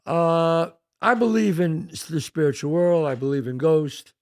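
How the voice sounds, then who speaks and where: An older man with a New York accent, hosting a podcast and telling a long story in a rambling, animated way, swearing now and then. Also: a little high, a little slow, no room sound, clean studio sound. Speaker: podcast host. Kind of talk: casual storytelling.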